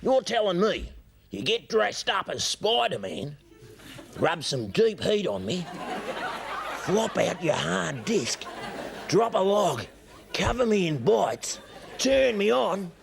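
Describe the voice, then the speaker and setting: A man's voice: high voice, big pitch swings, slow, gravelly, long pauses, crowd noise. A man trading crude comic banter full of innuendo. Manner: bawdy, innuendo-laden, laughing. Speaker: comedy sketch performer.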